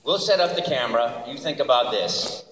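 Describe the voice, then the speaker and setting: A man tells a story at a convention panel, animated and laughing, acting out voices and sounds. His voice is bright and jumps all over. It echoes around a large hall, heard from well back from the mic. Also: medium pitch, moderate pace, far from the mic, slight background noise. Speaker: guest speaker.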